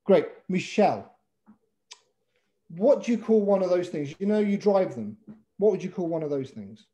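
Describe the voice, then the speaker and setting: A man with an English accent, a pitch coach teaching a webinar over a video call in a playful way, calling on participants by name. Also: lively intonation, normal speed, mellow. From England.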